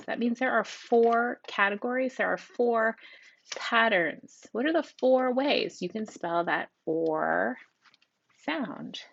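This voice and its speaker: A woman's voice: medium pitch, gravelly. A woman teacher giving an upbeat, encouraging spelling lesson to children, on a dull lo-fi home recording. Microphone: tablet microphone.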